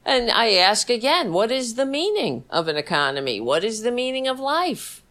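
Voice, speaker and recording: A woman's voice: fairly high pitch, sing-song, moderate pace, a bit bright. A middle-aged woman hosting a stream, delivering angry political commentary in a scornful, insulting, sarcastic way. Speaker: livestream host.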